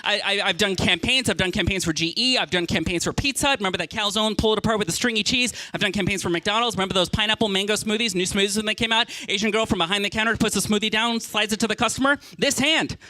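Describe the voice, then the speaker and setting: A man doing stand-up with a high, very bright and sharp-edged voice. He tells his stories in an animated way and stutters on repeated words as he builds a bit. The sound is close and dry. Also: fast talker, few pauses, no room sound. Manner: animated storytelling with stammered repeats. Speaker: stand-up comedian. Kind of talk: stand-up comedy set.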